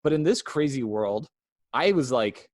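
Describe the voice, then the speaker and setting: A man of middling pitch talks through an episode with a co-host, breaking into quick impressions of the characters. His voice is recorded close and dry, with no room sound around it. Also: no room sound. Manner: animated retelling, acts out characters' lines. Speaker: podcast co-host. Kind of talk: casual podcast review chat.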